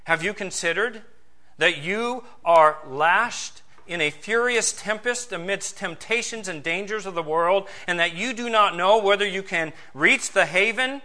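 Give me a fiery, imploring medieval preacher as a man puts him on, high and loud. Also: exaggerated voice. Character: fiery medieval male indulgence preacher, pleading.

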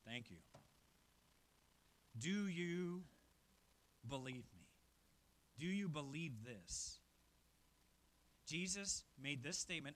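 A male pastor preaching a sermon at a church service, emphatic and swinging from quiet passages to loud ones. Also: fairly high pitch, expressive, takes it slowly, pauses often.

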